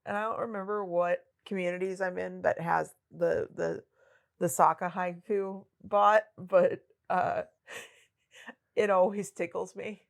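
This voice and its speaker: A woman co-hosting a podcast, chatting about a novel in a relaxed, digressive way and laughing often. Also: on the low side, measured pace, gravelly. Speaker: podcast co-host. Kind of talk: casual book discussion.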